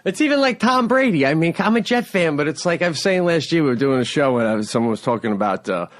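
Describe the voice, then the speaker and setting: A man's voice: fairly high pitch, lively intonation, quick pace, no echo. A man who is a guest comedian, telling stories in laid-back casual chat.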